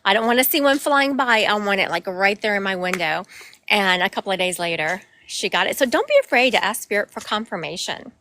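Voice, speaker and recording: A woman's voice: medium pitch, expressive, brisk, bright, forceful tone, a little hiss or hum. A middle-aged woman who works as a psychic medium, rambling chattily on a livestream from her home through a phone she carries around.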